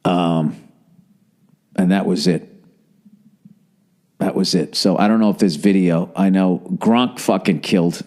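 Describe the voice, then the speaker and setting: A man's voice: sits low, measured pace, pauses often, a little mellow. Profane, rambling man telling stories. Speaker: podcast host. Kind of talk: casual storytelling monologue.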